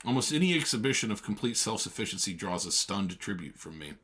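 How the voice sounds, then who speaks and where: Low husky man reading aloud. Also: fast talker. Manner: animated, tries out voices, chatty asides. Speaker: reader and teacher. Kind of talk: casual read-along and discussion.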